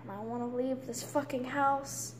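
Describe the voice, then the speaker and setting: A young woman in her late teens venting in an angry, profane rant, swinging between loud outbursts and hushed whispers. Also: high-pitched, fairly even intonation, normal speed. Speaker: vlogger. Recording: roomy echo with faint background noise.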